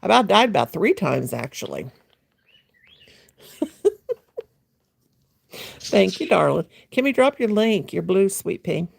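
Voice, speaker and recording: A woman's voice: on the low side, sing-song, takes it slowly, creaky, pauses often, husky. A woman hosting a late-night home livestream, chatting in a rambling, playful way and greeting viewers by name. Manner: teasing, playful, mimics a gushing voice. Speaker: livestream host. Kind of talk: casual livestream chat.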